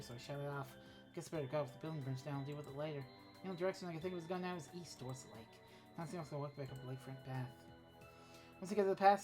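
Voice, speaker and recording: A woman streamer reading a text adventure game aloud, with offhand asides and swearing. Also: low-pitched.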